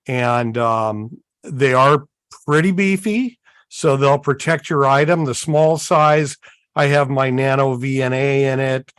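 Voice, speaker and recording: A man co-hosting a live radio-hobby show, walking through gear in a folksy, unhurried way with many fillers. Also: medium pitch, fairly even intonation, clear, resonant tone, no echo. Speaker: co-host. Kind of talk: casual show-and-tell chat.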